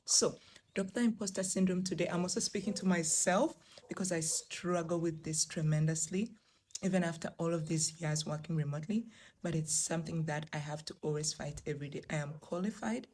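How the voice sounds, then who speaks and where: A woman's voice: sits low, darkish tone, a little hiss or hum. A young woman from Africa giving emphatic, encouraging career advice straight to her viewers in a vlog. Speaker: remote work vlogger. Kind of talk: direct-to-camera advice vlog.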